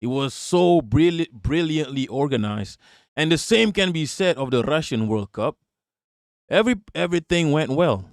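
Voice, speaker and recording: A man's voice: a little high, expressive, no echo, clean studio sound. A man hosting a live stream, reacting to news clips with profane, laughing rants. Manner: ranting, profane, quick to laugh. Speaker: livestream host.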